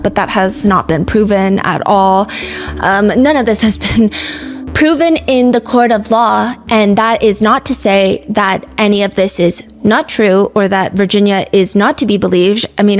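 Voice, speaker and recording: A woman with a mid-range voice tells a true-crime story as a podcast host. She keeps it casual and chatty, slipping in fillers and side remarks. Faint music plays underneath. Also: mid-range voice.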